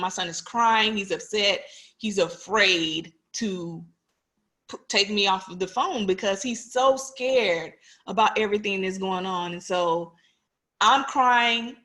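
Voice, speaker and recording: A woman's voice: medium pitch, measured pace, sharp tone. A woman in her forties, a police officer, giving an earnest, personal talk to an online audience and putting questions to them directly.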